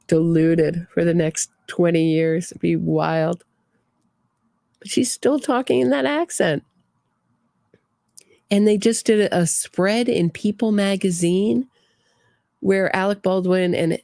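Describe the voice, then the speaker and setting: A woman's voice: on the low side, slow pace, gravelly, darkish tone, no room sound, clean studio sound. Opinionated true crime host woman. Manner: opinionated, reads viewer comments aloud. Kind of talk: casual livestream commentary.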